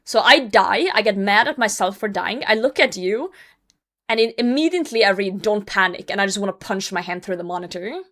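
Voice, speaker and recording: A woman's voice: medium pitch, expressive, brisk, a bit bright. Blunt, laughing young woman streamer. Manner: blunt, self-mocking, laughs often, swears. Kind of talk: casual live game commentary.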